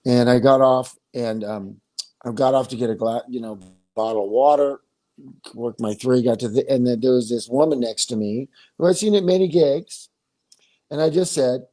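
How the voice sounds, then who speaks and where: On a video call, a man with a dark, mid-range voice chats casually at a moderate pace. He's a musician guest telling a long, rambling story, restarting his sentences many times.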